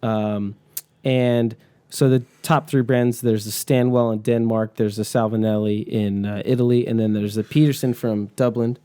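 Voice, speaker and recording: Mellow-voiced young man, rambling chat. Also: mid-range voice, fairly even intonation, normal speed, clean tone. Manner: rambling, swears freely, laughs often. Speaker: podcast co-host. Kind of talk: casual chat.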